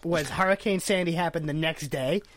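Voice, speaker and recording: A man's voice: a little high, normal speed, fairly bright tone, no room sound. A man co-hosting a podcast, casually adding details to a shared story. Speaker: podcast co-host. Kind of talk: casual chat.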